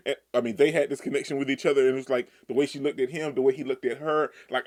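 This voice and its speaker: A man reading a manga aloud and reacting in excited, slangy outbursts. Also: medium pitch, fast, few pauses.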